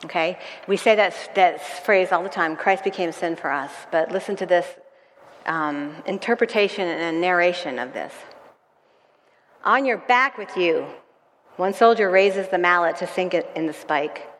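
A woman's voice: on the low side, normal speed, a bit bright, a little hiss or hum. A woman leading a Bible study, earnestly reading a devotional passage aloud to her group. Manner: earnest, grows emotional while reading. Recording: echoey hall.

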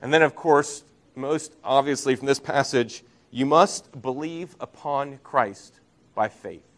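A male pastor delivers a sermon in a mid-range voice. He preaches earnestly, pressing key words with rising force and then sinking into quiet, low lines. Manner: earnest preaching, rising emphasis and soft drops.

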